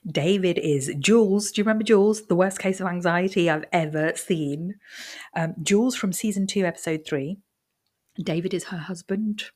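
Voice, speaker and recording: A woman hosting her podcast alone. Her voice sits low. She rambles in a friendly, chatty way, rushing ahead and circling back with fillers and restarts. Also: a little mellow. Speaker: podcast host. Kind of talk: casual solo podcast talk.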